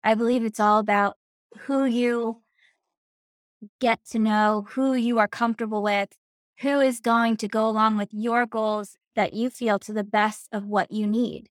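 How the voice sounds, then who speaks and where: A woman real estate agent giving an earnest, steady practice sales pitch. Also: measured pace, no echo, studio quality.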